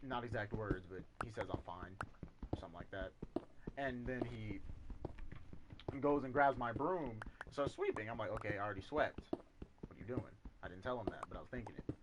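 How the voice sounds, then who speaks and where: Young male gamer, casual swearing storyteller, lively pitch, noisy home recording. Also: brisk. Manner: rambling, swears a lot, animated retelling with quoted voices. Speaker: gaming YouTuber. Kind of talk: casual storytelling over gameplay.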